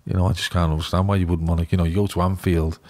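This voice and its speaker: A middle-aged man with a Liverpool accent, telling rambling, excitable stories in a casual podcast chat. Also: low voice, very fast. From England. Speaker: youth football scout.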